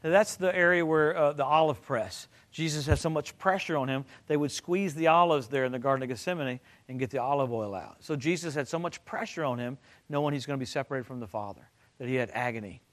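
An older man preaching a sermon, telling stories and swinging from loud excited bursts to low quiet stretches. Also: a little fast. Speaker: pastor.

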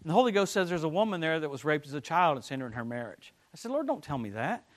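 A middle-aged man preaching a sermon, telling animated stories with laughter and sudden swings from loud to soft. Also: fairly high pitch, rapid-fire.

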